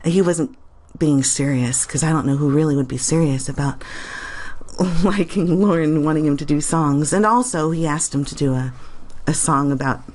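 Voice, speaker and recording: A woman's voice: low-pitched, normal speed, darkish tone. A woman making a casual reaction video, reading comments aloud with sarcasm and frequent giggles.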